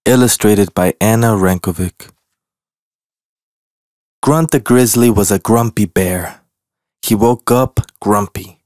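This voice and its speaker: A man reading a children's picture book aloud in a gentle, deliberate way. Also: medium pitch, dry recording, clean studio sound. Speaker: storybook reader.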